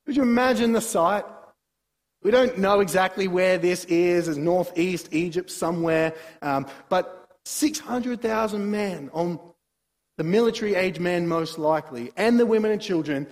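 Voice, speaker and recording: Male preacher, high-pitched and animated, sermon in a reverberant hall. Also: unhurried. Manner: animated, swings between soft asides and emphatic bursts. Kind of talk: sermon, Bible exposition.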